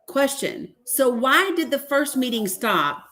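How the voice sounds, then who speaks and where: A woman's voice: sits high, slow. A woman hosting a casual livestream, reading a deposition aloud and reacting with laughter, asides to viewers and frank swearing. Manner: animated, laughing, swearing, talks to viewers as y'all. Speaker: livestream host.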